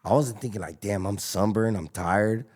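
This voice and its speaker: A man, a taco restaurant owner telling stories as a guest in a casual podcast interview, animated and full of slang. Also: fairly low pitch, moderate pace. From Los Angeles. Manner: animated storyteller, slangy, acts out dialogue.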